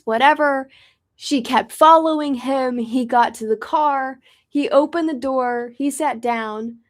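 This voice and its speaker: Casual drummer host, woman from Florida, a touch high-pitched, loose and talkative. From Pensacola, Florida, US. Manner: chatty, rambling storyteller. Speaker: drummer and host of a music channel. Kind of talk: casual chat while tuning drums.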